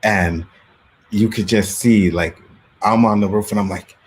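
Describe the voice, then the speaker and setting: A man hosting a casual talk show, telling street stories from his youth in Canada with lively acted-out quotes. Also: on the low side, unhurried, slight background noise. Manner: animated storyteller, acts out quotes. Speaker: podcast host. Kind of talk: casual storytelling chat.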